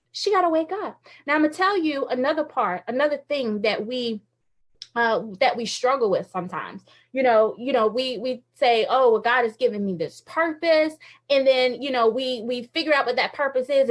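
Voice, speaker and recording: A woman giving a motivational faith talk to women viewers, animated and laughing often, acting out quoted thoughts in other voices. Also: high voice. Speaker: Christian women's ministry speaker.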